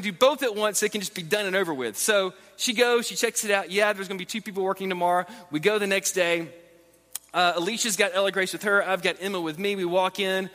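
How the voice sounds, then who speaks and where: A fairly high, bright male voice telling a family story from a stage. He is animated and self-deprecating, often stumbling and restarting, and the sound carries a long hall reverb. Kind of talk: sermon storytelling.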